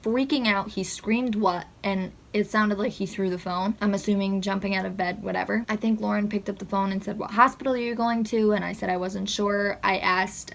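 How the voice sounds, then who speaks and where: A young woman speaking to her channel, recounting a painful memory in a soft, halting way. Her voice sits in a middle register and is textured with a noticeable vocal fry. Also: mid-range voice, a little hiss or hum. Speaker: vlogger. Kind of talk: personal storytime recounting.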